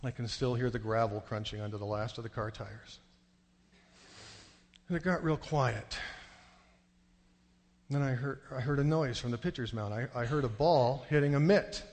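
A man preaching a sermon to a congregation, telling a story with animated, excited delivery. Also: mid-range voice, moderate pace, long pauses. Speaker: pastor. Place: church sanctuary. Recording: long hall reverb.

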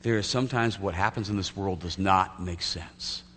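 In an echoey church sanctuary with a faint hum, a pastor preaches and tells a vivid story, acting out each scene. His low voice has a fairly bright tone and a moderate pace.

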